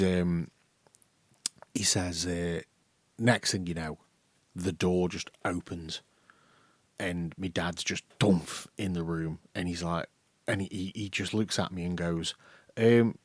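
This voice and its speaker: A man's voice: sits low, slow, no echo. A young man, co-hosting a casual podcast chat, telling an anecdote with lots of laughter. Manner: animated storytelling, laughing, acting out voices. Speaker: podcast co-host.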